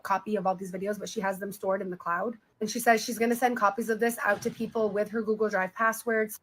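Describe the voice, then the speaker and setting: A woman's voice: mid-range voice, steady tone, fast, a little hiss or hum, low-quality recording. A woman on a live stream reading passages from a book and summarizing them in a casual way. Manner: retells passages in plain summary, casual asides. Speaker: co-host reading a book aloud.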